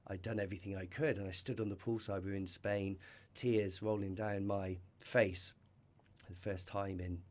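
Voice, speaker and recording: Earnest, reflective man with a lowish voice. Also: flat delivery, moderate pace, darkish tone. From Britain. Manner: earnest and reflective, with many restarts and "you know". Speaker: podcast guest. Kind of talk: storytelling in a conversational interview.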